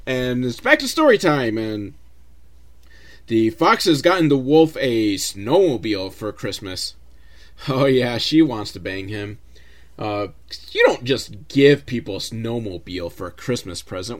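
A man hosting a comedic movie recap, sarcastic, profane and rambling. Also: mid-range voice. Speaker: host, film reviewer.

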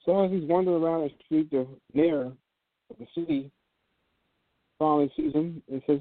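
A man's voice: fairly high pitch, moderate pace, long pauses, no echo. Casting: older male church-radio host, easygoing storyteller, dry phone-line audio. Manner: relaxed, many fillers. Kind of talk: Christian talk radio storytelling.

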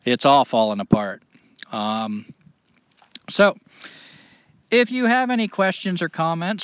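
A man's voice: on the high side, very animated, unhurried, pauses often, a bit bright, dry recording, lo-fi sound. Rambling, earnest male podcast host. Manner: rambling, earnest, with frequent fillers. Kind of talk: casual podcast chat.

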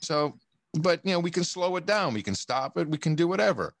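A man's voice: a little high, expressive, brisk, no echo. A man talking in a casual interview, rambling and emphatic, swearing often and restarting his sentences. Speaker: podcast guest. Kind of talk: casual conversation.

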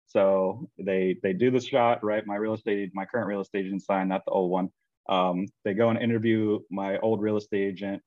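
A man casually telling a long personal story, animated and acting out what others said. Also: fairly low pitch, dry recording, highs cut off. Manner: animated, quotes people in his own voice.

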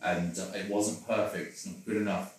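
A man's voice: low-pitched, level tone, normal speed, heavy reverb, distant mic, low-quality recording. A man candidly telling personal stories in conversation, rambling and self-deprecating with frequent laughs. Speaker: interview guest.

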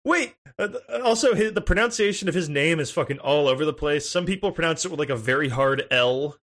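A man's voice: fairly high pitch, animated, a little fast, fairly bright tone. A man chatting casually about a video game, laughing often, swearing and mimicking characters' lines.

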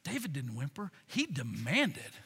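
A man's voice: a little high, wildly swooping pitch, measured pace, fairly bright tone, slightly rough. A man preaching a sermon, emphatic and stirring, calling the congregation to respond. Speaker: pastor. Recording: long hall reverb.

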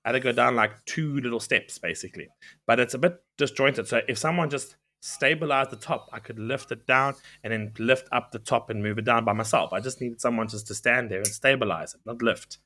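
A man co-hosting a podcast, telling a work story in a lively way, often stopping to correct himself. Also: medium pitch, fairly quick. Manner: lively storytelling, self-interrupting. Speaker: podcast co-host. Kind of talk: casual chat.

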